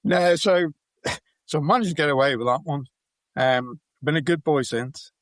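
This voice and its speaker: A man with a Welsh accent, a podcast guest telling anecdotes in a relaxed, chatty way. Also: on the high side, normal speed, no echo. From Wales. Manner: chatty, anecdotal, laughs while telling stories. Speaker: podcast guest, bowls player. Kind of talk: storytelling in a casual interview.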